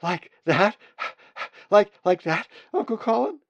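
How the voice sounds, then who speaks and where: A man voicing a young, excitable female raven chick who stammers breathlessly. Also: high-pitched, slow, pitched above the performer's own voice, full character voice. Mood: frightened. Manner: breathless stammering, frightened then thrilled.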